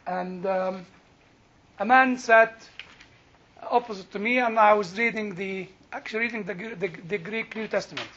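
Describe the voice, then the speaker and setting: A man's voice: high voice, a bit bright. An older man with an Egyptian accent, teaching a Bible class in a chatty storytelling way with frequent laughs and restarts. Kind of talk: sermon with storytelling. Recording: dull lo-fi recording.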